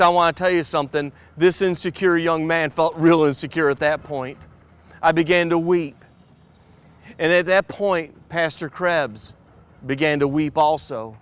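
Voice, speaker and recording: A man's voice: fairly high pitch, unhurried, clean tone. A man preaching a sermon, earnest and personal, often stammering and repeating words as he speaks.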